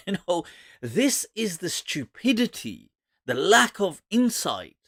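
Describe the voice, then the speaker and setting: Animated, mocking male scholar. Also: sits high, slow pace, husky, no room sound, studio quality. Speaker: Islamic scholar hosting a Q&A. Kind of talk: live-streamed lecture.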